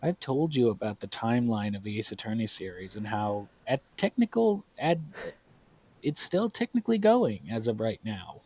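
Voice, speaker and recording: Southern guy cursing through a game stream, dark tone, lo-fi. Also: lowish voice, normal speed, breathy edge. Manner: excitable, swears a lot. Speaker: let's play host. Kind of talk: casual gaming chat. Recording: dull lo-fi recording.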